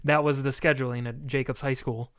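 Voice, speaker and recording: Bright-voiced young man ranting profanely. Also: mid-range voice, flat delivery, fairly quick, no room sound, studio quality. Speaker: podcast co-host. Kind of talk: casual chat.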